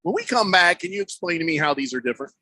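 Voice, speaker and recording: A man's voice: high voice, big pitch swings, very fast, sharp tone, no echo. A man hosting a sports talk radio show, chatting casually and animatedly, tossing in mocking impressions.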